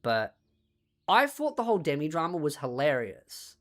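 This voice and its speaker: A woman streamer in casual chat on a desk mic, retelling things in a rambling, animated way. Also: low voice, normal speed.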